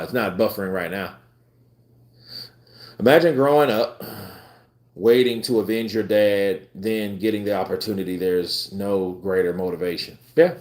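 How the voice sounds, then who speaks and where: Man, live boxing stream host, casual and profane, echoey room. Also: fairly low pitch. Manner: animated, profane, talks back to chat. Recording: roomy echo.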